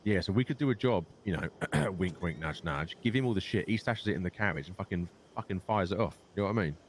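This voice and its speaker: A young man with a London accent and a low voice talks fast and animatedly, telling a long, rambling in-character story as a roleplay gang leader. He swears a lot, and there's slight background noise.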